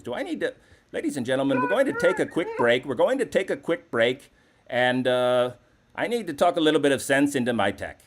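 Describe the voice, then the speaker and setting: A man's voice: mid-range voice, big pitch swings, a little fast, a little hiss or hum. A man hosting a live call-in comedy show, talking in a brash, profane, rambling way. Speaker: host.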